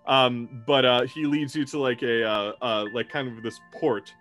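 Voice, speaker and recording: A man's voice: medium pitch, fairly even intonation, normal speed, fairly bright tone, soft background music. Laid-back, rambling male game master. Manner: casual, rambling, laughs often, swears. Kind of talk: narrating a tabletop game.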